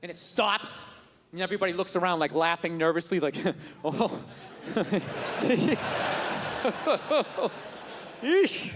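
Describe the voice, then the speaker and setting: A man doing stand-up comedy, ranting loudly with profanity and shouted punchlines, on a stage before a live audience. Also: fairly high pitch, steady tone, brisk, long reverb tail. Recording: live club with crowd laughter and noise.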